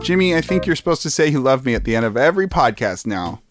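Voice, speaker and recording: A man's voice: medium pitch, big pitch swings, quick pace, over music. A man co-hosting a casual comedy podcast, joking around and often breaking into laughter. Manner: giggly, jokey, acts out little bits. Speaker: podcast co-host.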